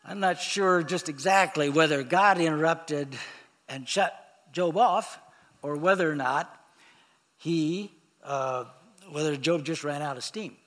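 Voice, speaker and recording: Male preacher, sermon, fairly high voice, slow and halting, reads scripture then explains it plainly. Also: fairly bright tone. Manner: unhurried, halting delivery with pauses and fillers.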